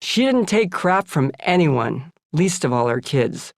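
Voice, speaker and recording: A woman's voice: sits low, big pitch swings, a little slow, dry recording. A woman in her seventies from the United States, reading her own memoir aloud in a frank, sardonic audiobook style on a studio microphone. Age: 70s. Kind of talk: audiobook narration.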